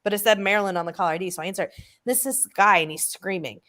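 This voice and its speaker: A woman hosts a relaxed online hangout and tells a long story in a rambling, conversational way. She speaks at a middle pitch and keeps the tone casual, with plenty of fillers and asides. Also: fast talker. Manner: chatty storyteller, acts out loud voices in quotes. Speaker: host. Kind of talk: casual chat on a livestream.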